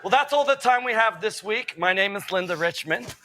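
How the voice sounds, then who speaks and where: A man's voice: high-pitched, expressive, fairly quick, bright, forceful tone, slight background noise. A man playing an overemotional, gushing middle-aged female talk show hostess who sprinkles Yiddish words into her talk. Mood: emotional. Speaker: talk show host character.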